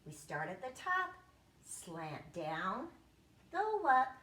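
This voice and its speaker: A young woman teacher with a bright, lively voice that swoops up and down as she cheers small children on. She takes her time, counting in a sing-song lilt. The room around her is roomy and echoing. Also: mid-range voice, takes it slowly. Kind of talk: children's lesson, counting and letters. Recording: echoey room.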